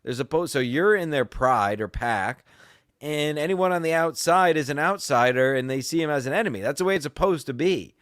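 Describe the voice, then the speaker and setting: A man holds forth on a podcast in a loud, crude, combative way, swearing freely as he tells his story. His voice sits a little high for a man. The sound is dry and close, with no room around it. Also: expressive, a little fast, no echo. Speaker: podcast host. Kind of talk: casual ranting chat.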